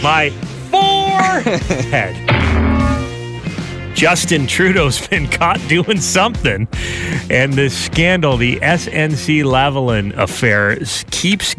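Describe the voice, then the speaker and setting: A man hosting a podcast, telling a funny story about his week in a casual, animated way, jumping up in pitch when he quotes other people. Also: measured pace, over loud music. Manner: animated, jumps high when quoting others. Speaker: podcast host.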